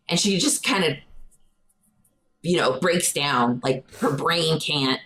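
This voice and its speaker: Her voice is deep and a bit bright, and she talks slowly with long pauses. This young adult woman co-hosts a podcast, telling a story animatedly in a casual chat and acting out quotes in a raised voice, all on a low-quality recording.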